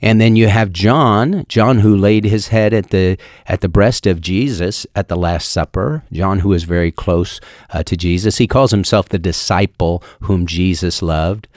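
A deep-voiced man preaching a sermon with an earnest storytelling delivery. He slows down to press on his key words. The sound is dry and close, with no room echo. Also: a little mellow. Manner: earnest, storytelling delivery with slow emphatic stretches.

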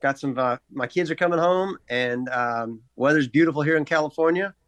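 An easygoing man speaks as a radio show guest, friendly and hesitant with small fillers. His voice is a touch higher than usual. The sound is dry. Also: normal speed, fairly bright tone, no echo. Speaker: guest on a phone or remote line. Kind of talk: casual interview chat.

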